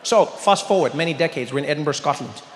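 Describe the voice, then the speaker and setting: A man from South Africa doing a stand-up routine, telling a story in an animated way and building up to excited shouts. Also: fairly high pitch, fast talker, background noise. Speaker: stand-up comedian. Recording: echoey hall with long reverb.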